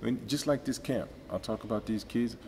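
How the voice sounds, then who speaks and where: A man's voice: medium pitch, moderate pace. A man, a basketball camp organizer, trading teasing banter in an interview and talking over his partner. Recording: echoey hall with steady background noise.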